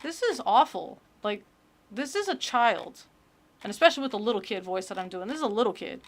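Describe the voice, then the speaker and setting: A woman's voice: a little high, animated, fairly quick. A woman giving casual comedic commentary on a book. She is incredulous, profane and rambling.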